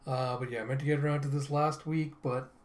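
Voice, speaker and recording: A young adult man hosting a casual manga reaction, retelling the panels in a relaxed, chatty way with fillers. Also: medium pitch, brisk. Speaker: reaction channel host. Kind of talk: casual manga reading and commentary.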